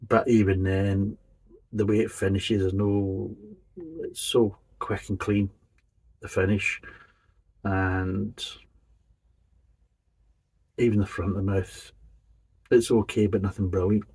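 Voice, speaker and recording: A man's voice: lowish voice, level tone, slow pace, pauses often, darkish tone, husky, poor audio. A man giving a casual, methodical beer review, describing each flavour in detail. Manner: methodical, detailed tasting commentary.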